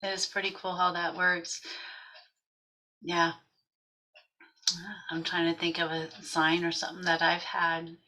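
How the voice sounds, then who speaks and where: Woman, chat show host, slow speech, bright voice, laid-back. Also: on the low side, flat delivery, poor audio. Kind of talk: casual chat.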